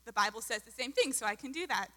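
A woman's voice: fairly high pitch, animated, fast, bright, forceful tone. A young adult woman sharing a chatty, bubbly testimony as a mission volunteer. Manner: bubbly, chatty with many fillers. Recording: hall reverb.

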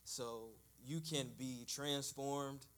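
Halting man giving church testimony. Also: mid-range voice, fairly even intonation, fairly bright tone. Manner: halting, searching for words.

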